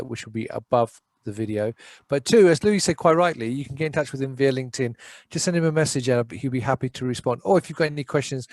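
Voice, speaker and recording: A man's voice: mid-range voice, a little mellow. A male interview host thanks his guest and turns to the viewers. He sounds upbeat and polite. The audio is dry, with no room echo. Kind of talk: business interview.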